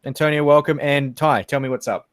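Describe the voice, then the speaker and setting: A man's voice: fairly high pitch, steady tone, brisk, a crowd in the background. Joking Australian man on a livestream. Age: 30s. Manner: joking, swears freely, slips into put-on accents. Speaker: co-host. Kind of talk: late-night livestream chat.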